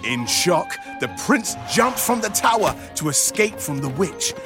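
A man narrating a children's story, animated and speaking to young listeners. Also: sits high, a little slow, music in the background.

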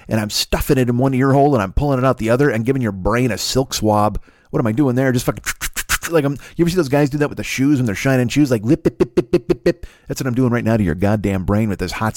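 A man's voice: medium pitch, a little mellow, dry recording, studio quality. A man hosting a comedy podcast, delivering a boastful, crude, mock-seductive monologue about his own voice. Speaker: podcast host.

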